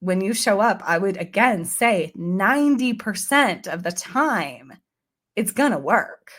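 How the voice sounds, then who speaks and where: A woman's voice: mid-range voice, lively intonation, measured pace, a bit bright. A woman guest on a podcast, telling a personal story in an earnest, chatty way and acting out her own past thoughts.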